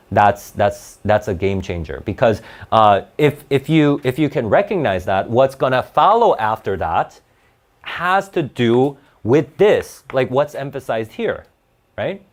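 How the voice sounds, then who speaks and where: Lively man teaching a grammar class. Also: mid-range voice. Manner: lively, repeats and restarts words, checks in with "right?".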